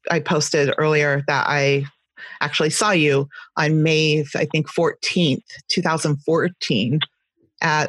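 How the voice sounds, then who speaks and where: A woman's voice: low voice, fairly bright tone, dry recording. A woman with a West Coast accent co-hosting a podcast, chatting casually and rambling with many hesitations. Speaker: podcast co-host. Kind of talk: casual interview chat.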